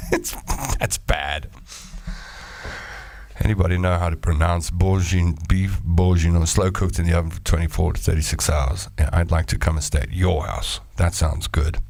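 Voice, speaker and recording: This South African host has a low-pitched, slightly mellow voice, speaking at normal speed in a steady tone and pausing often, with no echo. Alone on his casual chat show, he reads listener messages aloud, joking playfully and drifting into rambling asides.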